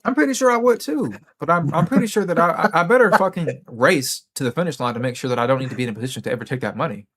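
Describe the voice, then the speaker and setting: A man's voice: rapid-fire, few pauses, a bit bright. A man hosting a late-night livestream, ranting casually and profanely, often mocking people in a put-on voice. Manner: profane, mocking, puts on high mock voices. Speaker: livestream host.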